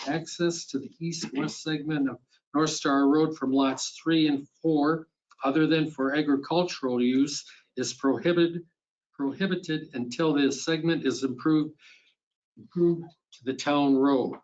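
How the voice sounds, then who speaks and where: A man's voice: a little high, fairly even intonation, a little slow, a little mellow. A man chairing a town board meeting, reading agenda items and long motions in a plain, procedural way with small restarts. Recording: dull, lo-fi meeting room audio.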